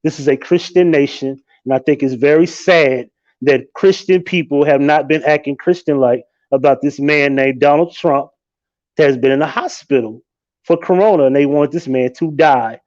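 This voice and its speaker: A man hosting a live stream, talking in a casual, animated and profane way, often breaking into laughter. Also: a little high, moderate pace, muffled recording.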